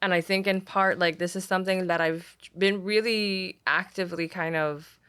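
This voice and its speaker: Speaking at a moderate pace in a clean, somewhat low voice, this interview guest is a young language arts teacher from Puerto Rico. Her talk is loose and chatty, packed with fillers like "like," and livens up when she repeats what others said.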